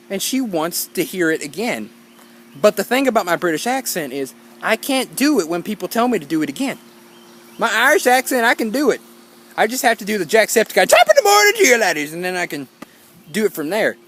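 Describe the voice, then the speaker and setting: A young man telling a story in a high voice that swoops and bounces all over the place. He is casual and jokey, and he keeps turning to the viewers with playful asides. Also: a bit bright, a little hiss or hum. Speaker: storytime YouTuber.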